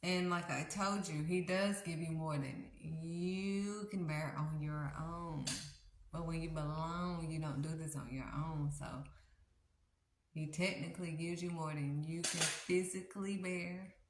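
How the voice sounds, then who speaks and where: A woman's voice: sits low, fairly even intonation, unhurried, a little hiss or hum. A woman hosting a faith livestream, preaching in an earnest, conversational, repetitive way. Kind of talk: casual devotional preaching. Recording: roomy echo.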